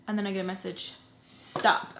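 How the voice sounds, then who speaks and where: A young woman vlogger tells a personal story in a loose, conversational way. She swings between hushed, hurt moments and loud, animated bursts, with plenty of slang and cursing. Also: medium pitch, normal speed, roomy sound, slight background noise. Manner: emotional, swings from quiet to loud. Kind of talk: casual storytime.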